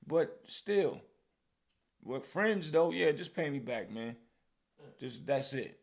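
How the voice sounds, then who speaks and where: A man with a New York accent runs a podcast in an animated, casual way. His voice has a gravelly edge, and he keeps landing his points with "man.". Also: on the high side, slow pace. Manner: animated, repeats "man" and "bro". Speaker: podcast host. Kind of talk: casual commentary.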